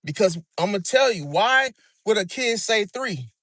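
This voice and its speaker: A man's voice: high voice, lively intonation, unhurried, a bit bright, no echo, studio quality. A man in a casual monologue about zodiac signs, slangy and repetitive, calling the listener bro. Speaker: astrology commentator.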